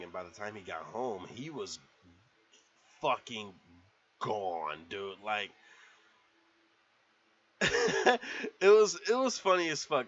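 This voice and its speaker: A man's voice: medium pitch, a bit bright, lo-fi sound. Rambling, profane male movie reviewer. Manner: rambling, profane, laughing retelling. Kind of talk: casual movie review vlog.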